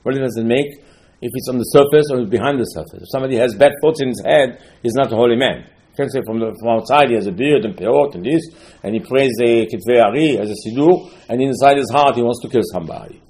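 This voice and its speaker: Man, rabbi lecturing, mellow warm tone, animated storytelling, rhetorical questions, halting restarts. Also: mid-range voice. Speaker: rabbi teaching Talmud. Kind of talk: informal Torah lecture.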